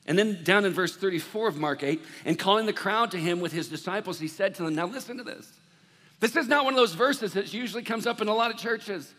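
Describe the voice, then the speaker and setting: High bright preacher man in a hall. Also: fairly quick. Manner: conversational preaching with big swings from hushed to loud. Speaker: pastor. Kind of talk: sermon.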